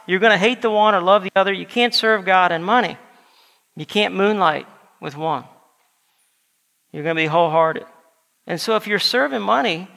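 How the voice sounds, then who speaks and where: A man's voice: high voice, creaky, bright, forceful tone, big-room sound. A man preaching a sermon as pastor, emphatic and full of rhetorical questions, in a church sanctuary.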